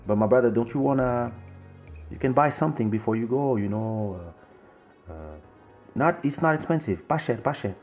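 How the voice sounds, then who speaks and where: A man's voice: medium pitch, animated, normal speed, darkish tone, soft background music, voice pushed up, natural voice. A man voicing a pushy male market seller who keeps calling the listener his brother. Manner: insistent, repeats "my brother".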